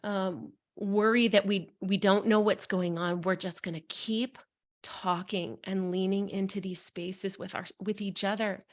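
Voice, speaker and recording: A woman's voice: mid-range voice, fairly even intonation, a little slow. Middle-aged woman coach on a podcast, frank and earnest, gets a bit emotional, normal mid voice. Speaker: authenticity coach, guest. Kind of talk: candid personal storytelling in conversation.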